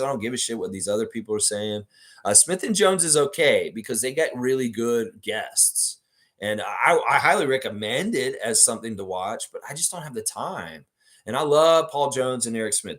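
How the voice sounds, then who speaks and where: A man hosts a live basketball fan stream, rambling bluntly with plenty of profanity and reading viewer comments out loud. His voice is mid-range and a bit bright.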